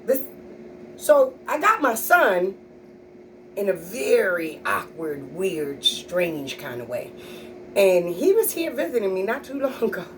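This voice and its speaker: Sassy, animated woman telling stand-up stories. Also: medium pitch, slow, recorded from a distance, noisy background. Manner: sassy, animated, blunt and profane. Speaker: comedian. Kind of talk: stand-up storytelling.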